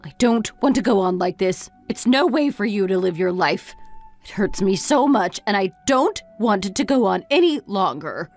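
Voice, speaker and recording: A woman's voice: medium pitch, expressive, normal speed, faint music behind, natural voice. A woman voicing a weary middle-aged mother who lectures her grown son reproachfully. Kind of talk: story narration dialogue.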